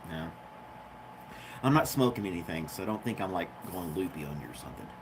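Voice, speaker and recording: A nasal, somewhat tired man thinks out loud in a relaxed home livestream, his pitch rising and falling a lot as he wanders from one thought to the next. He talks from his living room couch straight into a phone, with a faint background hiss underneath. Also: fairly quick. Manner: rambling, musing aloud. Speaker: channel host. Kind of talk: casual livestream chat. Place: living room at home, seated on a love seat.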